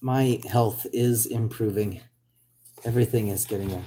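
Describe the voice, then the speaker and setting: A man chatting casually on a live stream, rambling with lots of hesitations and reading out viewer comments, his voice still recovering from hoarseness. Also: on the low side, steady tone, moderate pace, mellow, a little hiss or hum. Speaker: livestreamer.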